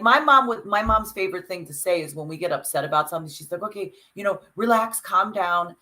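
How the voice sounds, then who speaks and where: A woman's voice: on the low side, fairly bright tone, rough recording. A woman co-hosting a podcast, reflecting aloud and talking things through in a casual chat. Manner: reflective, talks it through with restarts. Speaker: podcast co-host.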